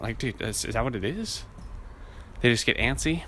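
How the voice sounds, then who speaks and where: A man's voice: medium pitch, expressive, moderate pace, bright, forceful tone, slight background noise. A man hosting a podcast, telling a rambling, profane story and acting out the people in it. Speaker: podcast host. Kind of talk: casual chat.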